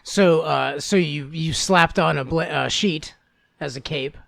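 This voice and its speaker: Male co-host, gravelly slightly high voice, teasing banter, dry close mic. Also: fairly bright tone, no room sound. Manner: teasing, quick to laugh. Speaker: podcast co-host. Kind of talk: casual chat. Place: living in Florida.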